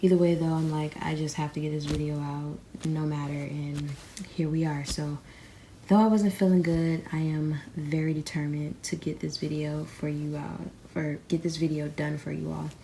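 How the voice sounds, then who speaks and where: A young crystal vlogger lies unwell in bed, talking to viewers in a low, level, dark voice with vocal fry at a normal pace. Slightly out of breath, she rambles and calls them y'all; the camera sits on the bed beside her, with slight background noise.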